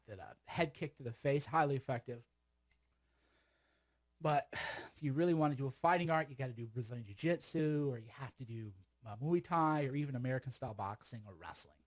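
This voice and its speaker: A man giving casual, sarcastic commentary on a video clip, rambling and laughing often. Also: mid-range voice.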